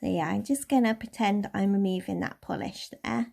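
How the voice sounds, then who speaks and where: Chatty English woman with a gravelly edge. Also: medium pitch, moderate pace. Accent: posh-leaning southern English. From Somerset, England. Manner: chatty, relaxed, with soft laughs. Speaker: beauty tutorial host. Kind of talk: nail care tutorial.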